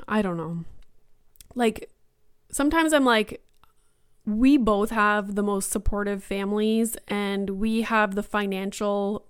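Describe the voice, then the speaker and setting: A woman in her thirties hosts her podcast alone and rambles through her thoughts, stacking filler words as she goes. Her voice is smooth and clean, sitting right in the middle of the usual pitch for women. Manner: rambling, thinking aloud with many fillers. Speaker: podcast host. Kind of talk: casual solo monologue.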